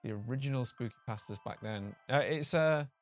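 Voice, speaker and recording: A male podcast co-host chats casually at a middle pitch, reacting with swearing, laughs and restarts as he talks. Faint music plays behind him. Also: a little fast. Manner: reactive, swears and laughs, trips over words. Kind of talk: casual chat.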